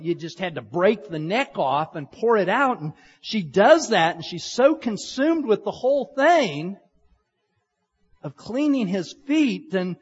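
A middle-aged pastor preaching in a relaxed, storytelling way, like he is talking with the congregation. His voice is husky and sits a little high. The recording is dull and lo-fi, with a long reverb from a large hall. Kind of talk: sermon.

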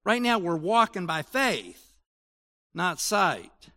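A man in his sixties preaching a sermon in a conversational way, moving between loud emphasis and quiet asides. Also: high voice, big pitch swings, takes it slowly. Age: 60s. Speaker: pastor.

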